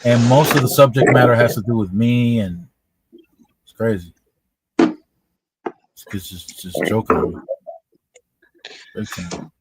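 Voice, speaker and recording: A man hosting a stream and chatting casually in a relaxed way, often repeating himself. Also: mid-range voice, slow, long pauses, heavy background noise. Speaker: stream host. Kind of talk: casual chat.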